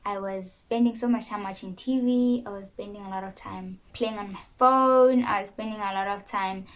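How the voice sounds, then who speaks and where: A woman's voice: mid-range voice, steady tone, normal speed, poor audio. Young south african woman chatting to the camera, candid and a bit self-mocking. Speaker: YouTuber. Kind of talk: casual talk to camera.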